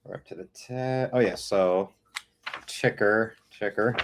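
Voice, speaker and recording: Dude hosting a stream, jokey, reads a movie review out loud, mid-pitched voice. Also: male voice, moderate pace, smooth. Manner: joking, reads a film review aloud. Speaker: host of an art stream. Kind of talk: casual stream commentary and reading aloud.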